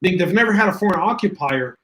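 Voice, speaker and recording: A man co-hosting a casual online show, reading out viewer comments and giving quick, opinionated takes with a joking edge. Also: sits high, expressive, noisy background. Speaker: podcast co-host.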